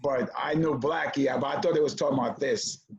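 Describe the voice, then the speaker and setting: A man telling a childhood story in a conversation, animated as he acts out the voices of the people in it. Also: medium pitch, a little fast. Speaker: comedian guest. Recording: dull lo-fi audio.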